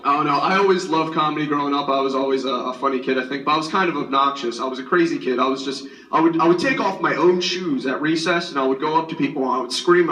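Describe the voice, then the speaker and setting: A young man in his twenties doing a stand-up set at a school variety show, loose and self-deprecating, with plenty of "uh" and "like." His voice sits somewhat high. It is picked up from a distance in a roomy hall, with faint background hum. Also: quick pace, hardly any pauses, bright, forceful tone. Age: 20s. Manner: rambling, self-deprecating, many fillers. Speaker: student comedian. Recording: roomy hall, far from the mic.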